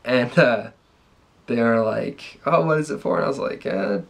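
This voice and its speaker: A man's voice: medium pitch, moderate pace, gravelly. A young adult man casually telling a story on a vlog, laid-back and rambling with lots of ums. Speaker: vlogger's fiancé.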